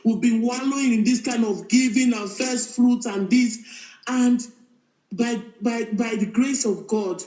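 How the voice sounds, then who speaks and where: A woman calling in by phone to tell her story, talking in a lively way and laughing often. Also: fairly high pitch, a little slow, roomy sound, poor audio. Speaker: caller. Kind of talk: phone-in testimony. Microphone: phone call played into the room.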